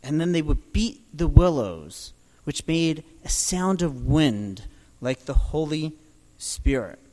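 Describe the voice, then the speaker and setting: Man, preacher, sermon, high voice, unhurried, dramatic swells, long hall reverb. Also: sing-song. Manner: dramatic, rising to loud proclamations.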